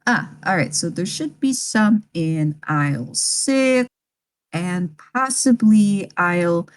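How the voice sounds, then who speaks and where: A woman voicing a hesitant male store employee who speaks haltingly and fills his lines with ums. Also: on the low side, animated. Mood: helpful.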